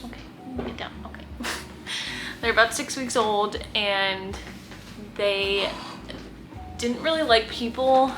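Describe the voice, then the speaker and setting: Speaking slowly and pausing often, this young woman has a somewhat high voice, with background noise audible. She's a kitten-fostering vlogger chatting to camera in her guest room, sprinkling in lots of "like" and cooing baby talk.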